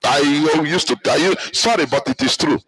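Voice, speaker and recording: A man's voice: normal speed, pushed and bright, poor audio. Angry Nigerian man ranting. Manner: angry, emphatic, repeats himself, rises in pitch. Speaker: commentator reacting to a clip. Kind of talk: heated political commentary.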